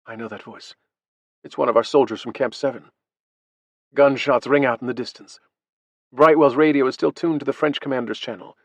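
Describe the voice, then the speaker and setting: A man narrating a first-person audiobook in a steady, even reading voice. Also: medium pitch, dry recording, lo-fi sound.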